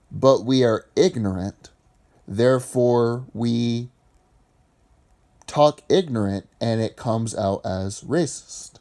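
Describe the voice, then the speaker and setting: A man's voice: mid-range voice, mellow. A man from Appalachia, giving argumentative opinion commentary in a lecturing way. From Appalachian region of the US.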